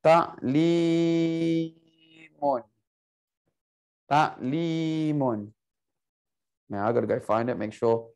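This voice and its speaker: A man teaching an Arabic class online, playful and coaxing, repeating words slowly for his students. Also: on the low side, level tone, vocal fry, a little mellow.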